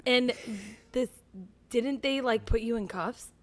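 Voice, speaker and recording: A woman's voice: fairly high pitch, takes it slowly, a little hiss or hum. A woman in casual chat who reacts with laughter and asks follow-up questions.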